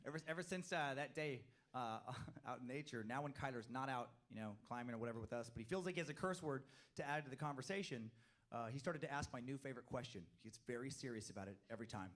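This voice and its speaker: A medium-pitched man does stand-up, telling family stories with lots of animation, laughing asides, and quick act-outs.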